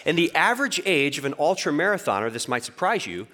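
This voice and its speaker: Casting: man, 40s, pastor delivering a sermon, very expressive pitch, storyteller who acts out inner voices. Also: fast talker.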